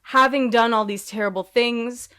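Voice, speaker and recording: A woman's voice: on the high side, fairly even intonation, moderate pace, a bit bright, smooth. A woman co-hosting a podcast in casual chat, rambling off on tangents with sarcastic asides. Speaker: podcast co-host.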